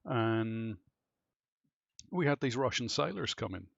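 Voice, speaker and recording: A man with an Irish accent telling stories in casual chat with friends on a live stream, animated and swearing freely. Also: mid-range voice, slow, gravelly, no room sound, highs cut off. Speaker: streamer chatting with clanmates.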